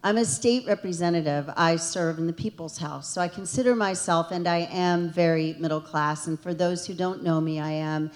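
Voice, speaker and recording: A woman with a slightly low voice speaks at a township town hall as a state representative. She is earnest and emotional and keeps pressing toward forceful, emphatic peaks. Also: moderate pace, hardly any pauses.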